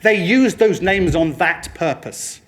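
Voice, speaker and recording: A man giving a lively motivational presentation to a room, addressing the audience and slipping into other people's voices for quoted lines. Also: high-pitched, slow pace. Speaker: speaker at a training talk.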